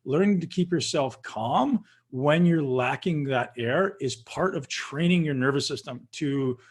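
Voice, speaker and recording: A man guest on a video call, calmly guiding listeners through a breathing practice and addressing them directly. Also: on the high side, unhurried, breathy edge. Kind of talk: coaching instruction.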